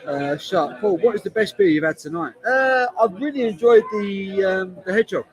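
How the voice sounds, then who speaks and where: A man's voice: sits high, expressive, normal speed, low-quality recording. A man with a London accent, chatting casually on a live stream and reading viewers' comments aloud, often repeating himself. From Hertfordshire, England. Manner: chatty, repeats lines, reads chat aloud. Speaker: beer vlogger streaming live. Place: busy bar taproom. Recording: loud bar crowd behind voice. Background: crowd chatter in a bar.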